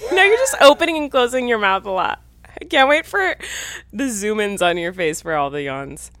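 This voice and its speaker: Giggly, bright-voiced woman chatting. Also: mid-range voice, moderate pace, dry recording. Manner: giggly, animated, bossy about the challenge. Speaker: podcast co-host. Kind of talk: casual chat.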